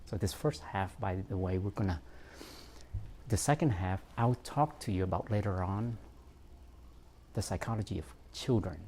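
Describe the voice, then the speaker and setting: A man's voice: deep voice, normal speed, darkish tone, slight background noise. A man, a therapist, giving an informal talk on parenting, reflective and self-mocking, with frequent fillers and laughs.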